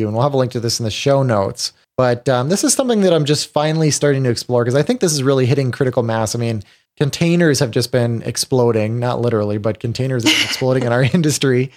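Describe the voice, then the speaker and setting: Halting man hosting a tech podcast. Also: medium pitch, darkish tone. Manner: halting, many restarts, upbeat. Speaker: podcast host. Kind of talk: casual tech podcast chat.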